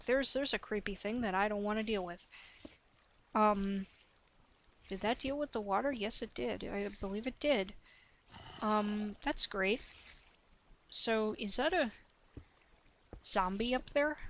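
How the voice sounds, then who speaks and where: A woman's voice: mid-range voice, fairly bright tone, slight background noise. A woman in her late twenties with a young-sounding voice, doing hyper, nonstop voice-over commentary on her gameplay, a little sniffly. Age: 20s. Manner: hyper, chatty, talks nonstop. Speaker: let's play host.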